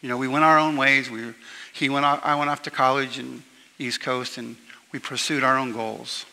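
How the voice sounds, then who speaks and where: Bright-voiced man speaking in an echoing hall. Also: medium pitch, little pitch movement, gravelly. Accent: Southern US slip. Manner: halting storytelling with fillers and restarts. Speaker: eulogist, younger brother of the deceased. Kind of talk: memorial speech with personal anecdotes. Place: church hall at a memorial service. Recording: long reverb from a large hall.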